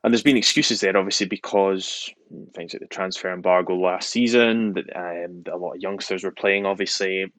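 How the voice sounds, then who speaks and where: Deep-voiced man musing on football. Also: fairly even intonation, normal speed, few pauses, fairly bright tone, no echo. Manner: hesitant, many ums and repeats. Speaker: podcast co-host. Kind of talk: casual football chat.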